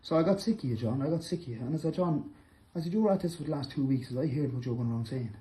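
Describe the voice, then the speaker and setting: A middle-aged man, angrily calling out a rival directly to camera, accusing and repetitive, breaking into loud bursts. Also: mid-range voice, rapid-fire, low-quality recording. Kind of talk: angry direct-to-camera callout.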